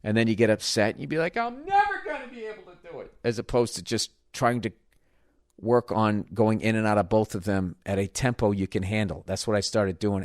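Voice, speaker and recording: A man with a fairly low voice tells a story on his podcast in a loose, swearing, self-mocking rant. The close mic gives a dry sound with no room echo. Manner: profane, ranting, self-mocking. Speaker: podcast host. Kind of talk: casual storytelling monologue.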